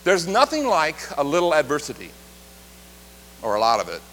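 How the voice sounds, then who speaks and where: A man preaching a sermon, leading the congregation in call-and-response and shifting between loud and quiet delivery. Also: a little high, huge pitch swings, normal speed. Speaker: pastor. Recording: reverberant hall, faint hum.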